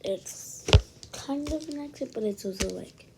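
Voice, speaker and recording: Gaming host, woman, unhurried and rambling, hissy home mic. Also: lively intonation. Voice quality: high, pitchy voice. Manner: rambling, chatty, drops into soft asides. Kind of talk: casual gameplay commentary. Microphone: own desk microphone. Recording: noisy home recording with hiss and clicks.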